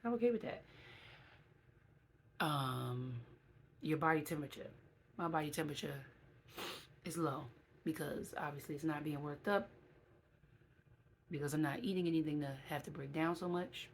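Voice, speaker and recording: A woman with a low, grounded voice talks openly to her viewers in a relaxed vlog. She is candid and emotional and chats along with plenty of fillers. Faint noise sits behind her. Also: normal speed, long pauses, low-quality recording. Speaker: vlogger. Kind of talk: casual vlog talk to viewers.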